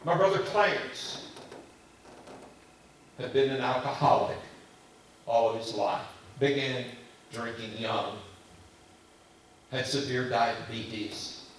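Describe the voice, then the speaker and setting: A male preacher delivers a sermon in a very echoey church sanctuary, caught from a distance. His voice swells into forceful emphasis and drops to hushed telling. A faint hiss sits under the room sound. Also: mid-range voice, slow, pauses often. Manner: impassioned, swinging from loud emphasis to hushed telling. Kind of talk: sermon with personal storytelling.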